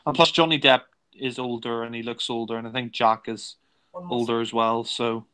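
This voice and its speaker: Male fan commentator, bright and crisp, casual and rambling. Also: mid-range voice, little pitch movement, moderate pace, rough recording. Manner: rambling, chatty, lots of fillers. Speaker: film commentator.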